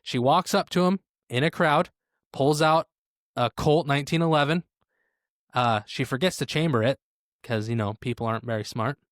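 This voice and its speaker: A man's voice: mid-range voice, moderate pace, no echo, clean studio sound. A man co-hosting a podcast, recounting stories in casual chat with lots of "uh" and wry asides. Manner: storytelling with filler "uh" and "like", wry asides. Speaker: podcast co-host.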